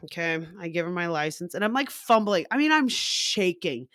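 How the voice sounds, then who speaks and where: A woman's voice: fairly low pitch, normal speed, no echo, clean studio sound. A woman co-hosting a podcast, telling a story in casual chat, swearing freely and acting out the scene. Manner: profane, animated storyteller. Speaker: podcast co-host.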